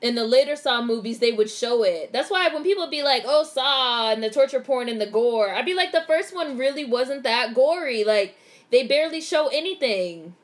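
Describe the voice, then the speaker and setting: A high-voiced young woman at a moderate pace gives a laid-back live movie reaction for her vlog. Excitable and freely profane, she narrates the events on screen.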